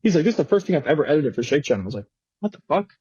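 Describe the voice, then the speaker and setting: Husky-voiced young man telling stories. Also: a little high, sing-song, very fast, mellow, dry recording, highs cut off. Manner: slangy, swearing, laughing storyteller. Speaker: guest skateboarder. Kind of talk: casual interview chat. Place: podcast studio.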